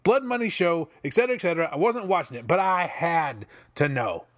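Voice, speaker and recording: A man giving exasperated, animated commentary on a wrestling result, swearing and restarting his sentences as he rants. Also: fairly high pitch, fairly quick, dry recording, clean studio sound. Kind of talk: ranting commentary.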